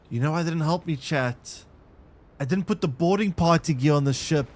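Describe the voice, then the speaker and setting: A man streaming a game live, reacting out loud and talking to his chat. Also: on the high side, a little hiss or hum. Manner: animated, exclaims and talks to chat. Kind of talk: live gameplay commentary. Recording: faint game music behind.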